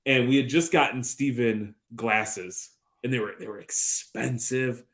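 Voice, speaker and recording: A man's voice: mid-range voice, fairly even intonation, unhurried, a bit bright. Man, thirties, podcast co-host, rambling storyteller, dry humor, swears freely. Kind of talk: casual chat.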